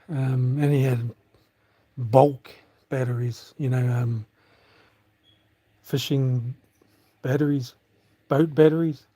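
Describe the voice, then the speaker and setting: Rambling New Zealand man, husky voice. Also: mid-range voice, mellow, no echo. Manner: rambling, swears casually, thinks aloud with fillers. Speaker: livestream vlogger. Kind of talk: casual live-stream chat. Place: outdoors on rural farmland.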